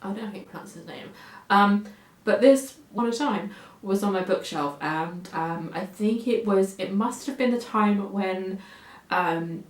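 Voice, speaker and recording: A woman's voice: medium pitch, a little slow. Chatty English woman in an echoey room. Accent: English, Oxfordshire-Cambridgeshire area. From England. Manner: chatty, rambling, self-deprecating, with frequent fillers and laughs. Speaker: book vlogger. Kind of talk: casual chat to camera.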